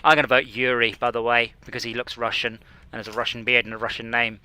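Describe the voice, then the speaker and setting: Male game streamer, bright edgy voice, mid pitch, loose self-deprecating chatter. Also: level tone, quick pace, clear, resonant tone, no room sound. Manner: rambling, self-mocking, talks to himself while playing. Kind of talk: casual gaming chat.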